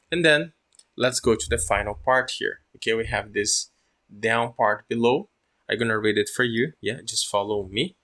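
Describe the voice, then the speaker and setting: Gravelly-voiced man teaching English. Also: fairly low pitch, fairly bright tone. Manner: keeps checking in with "yeah?" and "okay?"; acts out sounds while explaining. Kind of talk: casual online English lesson.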